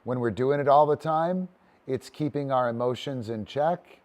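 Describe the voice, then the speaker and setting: A man's voice: mid-range voice, moderate pace, a little mellow. A man teaching a casual online disc dog training session, talky and loose, breaking into cheery cues to his dog.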